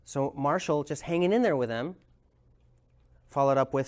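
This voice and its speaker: A man's voice: fairly high pitch, moderate pace, long pauses, darkish tone. Thoughtful man teaching a workshop. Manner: thoughtful, searching for words. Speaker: communication trainer.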